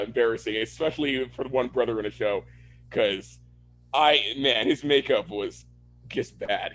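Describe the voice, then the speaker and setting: A man's medium-pitched, somewhat bright voice carries a casual podcast chat. The co-host, from Florida, USA, rants loosely, swearing frequently and laughing a lot.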